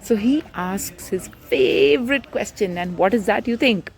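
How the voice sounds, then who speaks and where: A woman's voice: medium pitch, unhurried. A woman author reading her book aloud to children, chatty and full of questions to her listeners.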